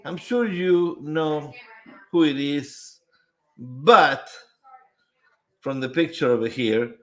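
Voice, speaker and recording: Slow-talking male livestream host. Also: a little high, sharp tone. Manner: unhurried, greets viewers one by one. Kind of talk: casual live-stream chat, reading out viewer comments.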